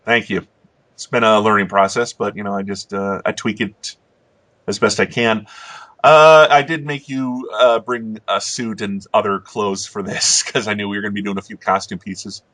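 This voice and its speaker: Bright-voiced man hosting a casual commentary. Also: lowish voice, steady tone, moderate pace, no echo. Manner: rambling, self-deprecating, chuckles often. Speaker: host.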